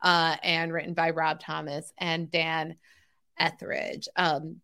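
A woman co-hosting a podcast, recapping a sitcom in casual chat, laughing often and filling pauses with "um" and "like". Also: deep voice, completely flat delivery, creaky, bright, forceful tone. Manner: chatty, laughs often, many fillers. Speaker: podcast co-host.

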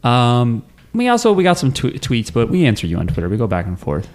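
A man hosting a podcast in easy, joking banter, now and then humming a riff. His voice sits at an ordinary pitch and he keeps things loose and playful. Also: huge pitch swings, a little fast, a little mellow. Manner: joking, breaks into humming riffs. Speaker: podcast host. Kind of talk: casual podcast chat.

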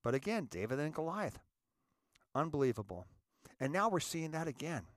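A man hosting a show, speaking to viewers in an emphatic monologue, often repeating words and calling them ladies and gentlemen. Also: fairly high pitch, big pitch swings, normal speed, no echo, clean studio sound. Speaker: show host.

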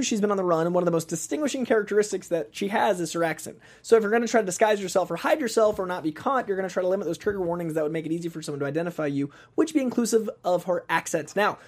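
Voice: medium pitch, a little mellow. A podcast co-host in casual chat, explaining things and joking.

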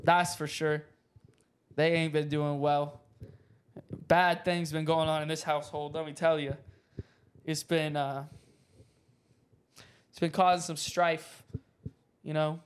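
A man's voice: on the high side, flat delivery, slow pace, long pauses, clear, resonant tone. A man hosting a podcast in casual chat, telling stories in a jokey, teasing way with plenty of slang. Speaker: podcast host.

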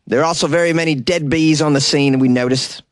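A man voicing an earnest, puzzled male bird conservationist in an attempted South African accent, mock-serious and halting. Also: on the high side, steady tone, no room sound, clean studio sound, lightly acted.

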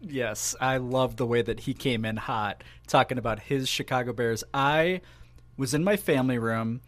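A man's voice: medium pitch, normal speed, a bit bright. A man co-hosting a casual sports podcast, rambling in a playful, self-mocking way. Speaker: podcast co-host.

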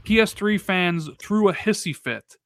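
A man's voice: sits high, unhurried, no echo. Rambling chatty man, dry close mic. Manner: animated, rambling with many restarts and fillers. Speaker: podcast co-host. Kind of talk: casual podcast chat.

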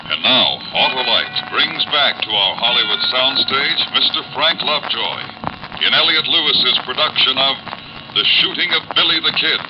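A man announcing and reading a commercial in the emphatic, lively style of 1950s radio. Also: medium pitch, normal speed, over music. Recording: dull hissy old radio broadcast.

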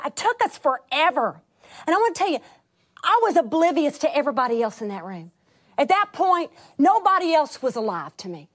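A middle-aged woman telling a testimony as a sermon, animated, rising to laughing emphasis and dropping to hushed whispers. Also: high-pitched. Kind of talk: sermon storytelling.

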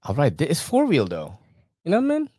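A man's voice: fairly high pitch, huge pitch swings, fast, mellow, dry recording, clean studio sound. A man co-hosting a live podcast, chatting casually with slangy, laid-back banter. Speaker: podcast co-host. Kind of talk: casual chat.

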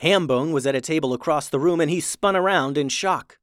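A children's podcast host reading a storybook aloud in a lively, upbeat way. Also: mid-range voice, a little fast, no room sound, studio quality. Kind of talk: storybook narration.

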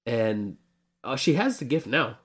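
A man in his twenties co-hosting a casual podcast chat, rambling and animated, often laughing. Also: medium pitch, measured pace. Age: 20s. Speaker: podcast co-host.

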